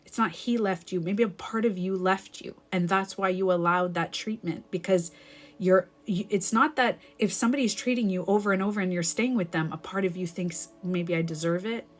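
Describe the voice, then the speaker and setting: A woman's voice: mid-range voice, moderate pace. A woman coaching viewers on a live stream, talking casually and repeating her points to encourage them. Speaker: breakup and self-love coach.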